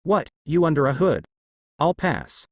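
A man doing a gruff sarcastic young guy, short answers, bouncy lively pitch, dry room, storybook reading. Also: a little slow, no room sound, exaggerated voice. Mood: curt. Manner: sarcastic, curt.

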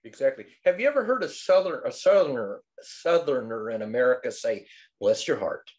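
Animated older man telling stories. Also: medium pitch, a little fast. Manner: lively storyteller, animated and wry. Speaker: study group participant. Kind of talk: casual group discussion.

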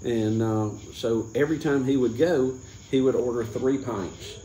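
Man, casual beer-tasting chat, rambling, mid pitch, echoey room, faint hiss. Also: a little slow, warm tone. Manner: rambling, full of restarts and chuckles. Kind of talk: casual chat, telling a joke.

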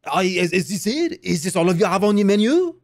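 A man's voice: high voice, very animated, fast, fairly bright tone, dry recording, studio quality, pitched above the performer's own voice, exaggerated voice. A man doing a snooty mock-French diner. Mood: haughty. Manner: exaggerated mock French accent. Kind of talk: casual gaming voice chat.

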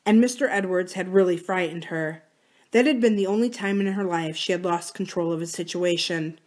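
A woman, a library book reader, narrating a novel aloud calmly and steadily. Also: fairly low pitch, moderate pace.

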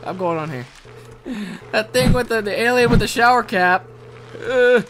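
A young man doing excitable let's play commentary, yelping, shouting and swearing at game mishaps. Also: extremely high pitch, normal speed, background noise. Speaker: gaming video host.

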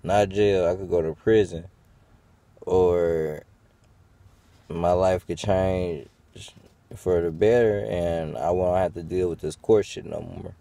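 Man, low voice, rambling and profane, venting to camera, dry close sound. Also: fairly even intonation, slow, creaky, long pauses, dark tone, dry recording. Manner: profane, rambling, frequent fillers. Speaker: vlogger. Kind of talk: casual venting monologue.

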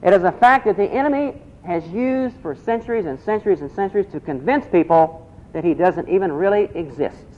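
A man's voice: high voice, expressive, fairly quick. A man preaching a sermon, asking the congregation questions and repeating key phrases. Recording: dull lo-fi recording.

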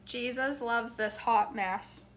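A woman's voice: a little high, steady tone, slow pace, fairly bright tone. A woman hosting a casual live cooking chat in her home kitchen, laughing often and reading viewer comments aloud. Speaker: cooking vlog host.

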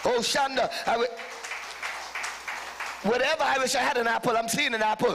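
Male bishop, high bright tenor, fervent sermon delivery in a long-reverb church hall. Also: fairly even intonation, moderate pace, creaky, pauses often, a faint crowd. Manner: fervent preaching, calls to the congregation, sudden shouted peaks. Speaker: bishop preaching. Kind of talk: live sermon.

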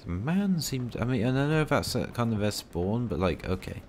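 A man's voice: medium pitch, big pitch swings, normal speed, a little mellow, slight background noise. A man giving rambling, self-mocking commentary while playing a tank game, full of dry asides. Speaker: gaming video creator.

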